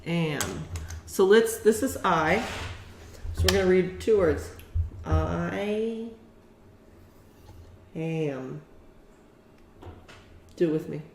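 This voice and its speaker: A woman's voice: fairly low pitch, animated, extremely slow, pauses often. A woman teacher giving a one-on-one beginning reading lesson, patient and encouraging, with lots of praise. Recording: echoey room with faint noise.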